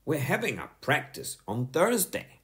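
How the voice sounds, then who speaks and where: A man's voice: fairly high pitch, huge pitch swings, a little slow, a bit bright, voice pushed up, full character voice. A man reading a children's audiobook, voicing a cheeky, defensive young schoolboy in a protesting, matter-of-fact way. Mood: chatty.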